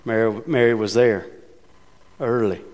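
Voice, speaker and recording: A man's voice: on the low side, steady tone, a little slow, a little mellow. A man preaching a sermon from the pulpit, talking conversationally and with emphasis, asking his congregation rhetorical questions. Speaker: pastor. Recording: long reverb of a large hall.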